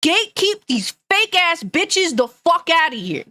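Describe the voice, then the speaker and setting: A woman's voice: very high voice, sing-song, unhurried, pushed and bright, no room sound. A woman gaming news streamer ranting angrily and bluntly, swearing often and reading chat comments aloud. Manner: angry, profane, blunt.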